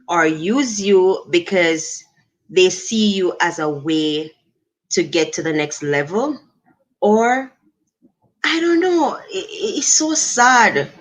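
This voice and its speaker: A middle-aged woman with a Jamaican accent talks to her livestream audience. She speaks slowly and thoughtfully, in a voice a little on the low side, and stops now and then to thank viewers. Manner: unhurried, reflective, thanks viewers warmly. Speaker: livestream host. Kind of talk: casual livestream talk to chat.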